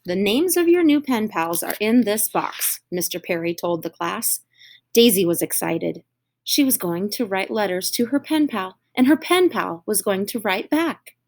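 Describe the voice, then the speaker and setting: A woman reading a children's picture book aloud, slow and expressive, lifting her voice for the children's lines. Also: mid-range voice. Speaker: storyteller. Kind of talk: children's story read-aloud.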